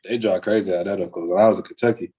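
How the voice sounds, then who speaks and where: A man co-hosting a podcast, chatting casually in an animated way and laughing often. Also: low voice, racing. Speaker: podcast co-host. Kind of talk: casual chat.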